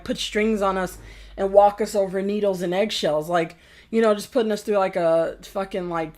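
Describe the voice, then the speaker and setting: A woman vlogger giving a profane, exasperated and mocking rant about forum rules. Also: mid-range voice. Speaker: game reviewer vlogger. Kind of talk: angry rant commentary.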